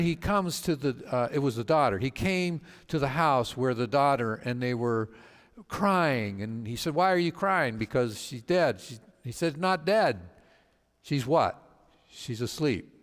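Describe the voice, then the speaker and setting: Man, pastor, Bible study teaching, storytelling, halting with fillers, average pitch, long echoing reverb. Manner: acts out quoted speakers with voice changes.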